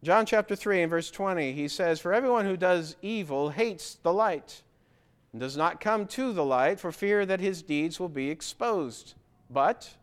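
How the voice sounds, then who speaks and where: Man, preacher, fairly high voice, earnest, exhorting sermon delivery. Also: smooth. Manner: earnest, exhorting, asks pointed questions.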